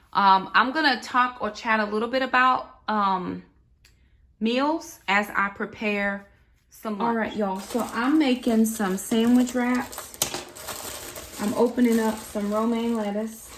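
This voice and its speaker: A woman's voice: medium pitch, fairly bright tone, slight background noise. A woman in the middle of her vocal range chats to her camera while showing her groceries in her kitchen. Her talk is loose and homey, sprinkled with y'all, and she addresses her viewers directly. The sound comes from a plain camera microphone. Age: adult, mother of four. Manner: chatty, talks straight to viewers, says y'all. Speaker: family vlogger. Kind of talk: casual grocery haul vlog. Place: home kitchen.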